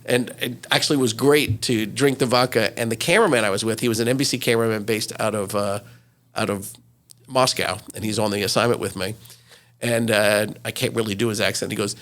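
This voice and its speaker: A man in his sixties, a retired news correspondent, telling lively anecdotes as an interview guest, with many fillers. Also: on the low side. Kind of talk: interview storytelling.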